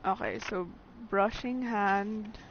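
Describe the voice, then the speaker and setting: A woman's voice: medium pitch, steady tone, takes it slowly. A woman giving casual let's play commentary, laughing often and talking back to the game's characters. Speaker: gamer. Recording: dull lo-fi sound with clear background noise.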